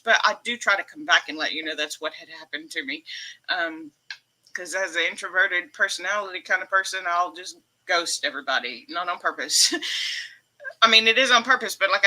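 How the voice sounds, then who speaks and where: A woman's voice: lowish voice, bright, forceful tone. A woman hosting a casual livestream from home, emotional and upbeat, laughing often as she chats. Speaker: livestream host.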